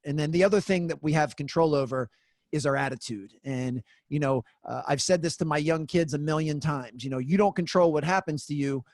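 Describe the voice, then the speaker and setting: A man's voice: fairly high pitch, no room sound. Earnest male guest, dry close sound. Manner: earnest, explanatory, with frequent fillers. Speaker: guest speaker. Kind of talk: conversational interview.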